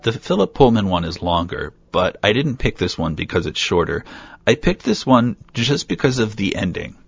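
A man's voice: lowish voice, very animated, moderate pace, creaky, slight background noise. A man steadily reading a fairy tale aloud as a storyteller. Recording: dull lo-fi recording.

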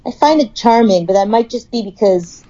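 A woman's voice: on the high side, expressive, normal speed, mellow, highs cut off. A woman in her thirties, a podcast co-host in casual chat, blunt and swearing, laughing often. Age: 30s.

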